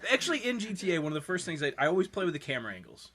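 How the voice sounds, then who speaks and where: A man co-hosting a gaming podcast, trading quick banter. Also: a little high, sing-song, a loud crowd. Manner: quick banter, short interjections. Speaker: podcast co-host. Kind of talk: casual chat.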